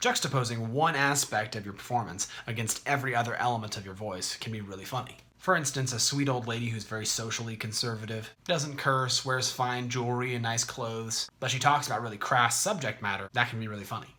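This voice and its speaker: A man hosting an explanatory video, talking in a conversational, clear way. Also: mid-range voice, quick pace, few pauses, sharp tone. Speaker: host.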